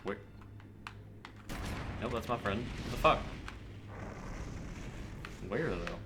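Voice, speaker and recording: Excitable swearing male gamer. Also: lowish voice, slow, gravelly, music in the background. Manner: excitable, swears often, yells at other players. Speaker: gamer streamer. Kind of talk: live gameplay commentary.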